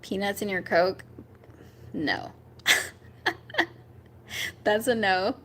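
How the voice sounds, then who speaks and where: A young woman hosting a casual chat, talking with her viewers, rambling with fillers and jumping up in pitch when she reacts. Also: very slow, a little hiss or hum. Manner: chatty and rambling, with many fillers and laughs. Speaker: livestream host chatting with viewers.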